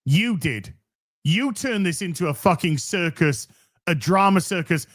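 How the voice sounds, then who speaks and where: A man's voice: on the high side, animated, normal speed. A man hosting a commentary show, ranting sarcastically and mocking the streamer he reacts to. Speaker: commentary host.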